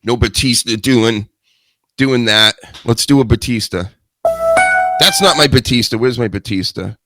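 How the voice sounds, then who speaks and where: A man's voice: medium pitch, unhurried, sharp tone, soft background music. A man hosting a solo chat show into a studio mic, rambling and joking with crude asides. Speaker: show host.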